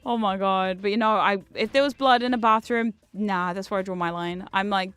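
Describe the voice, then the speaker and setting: A woman streaming a video game, chatting casually with a self-mocking humor and frequent laughs, jumping between loud outbursts and low asides. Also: steady tone, moderate pace, few pauses, clean tone. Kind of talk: casual chat while gaming.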